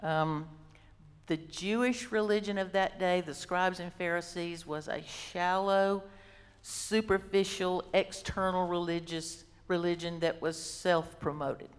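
A woman teaching a sermon, slow and deliberate, repeating key words for emphasis. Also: on the low side, fairly even intonation, smooth. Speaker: Bible teacher. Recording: long hall reverb.

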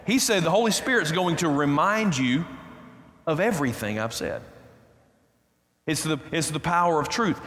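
A man's voice: sits high, a bit bright. A man preaching a sermon as pastor, emphatic and repeating his key phrases. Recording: reverberant hall, roomy echo.

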